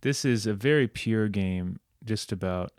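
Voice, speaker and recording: An English man co-hosts a relaxed game podcast with a fairly low voice. He laughs easily and pokes fun at himself. His voice sits close to the mic in a dry, dead room. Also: measured pace, dry recording. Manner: self-deprecating, laughs often, restarts. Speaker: podcast co-host. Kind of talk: casual game discussion.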